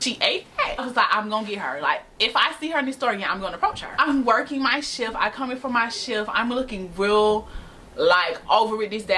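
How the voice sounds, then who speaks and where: Bright-voiced young woman telling a story. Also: mid-range voice, slight background noise. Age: young adult. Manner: animated, slangy, laughs often. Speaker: storytime vlogger. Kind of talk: casual storytime to camera. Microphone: camera mic.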